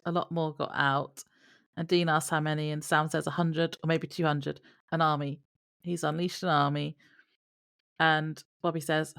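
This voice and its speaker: A woman's voice: deep voice, vocal fry, smooth. A young adult woman co-hosting a podcast in easygoing casual chat, reading from her notes. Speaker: podcast co-host.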